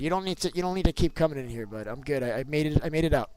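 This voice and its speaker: Excitable gaming dad, slightly high voice. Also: male voice, racing. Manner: animated, teasing, keeps calling his kid "bud"; bursts of loud excitement. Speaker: gaming channel host and father. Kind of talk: casual gameplay commentary.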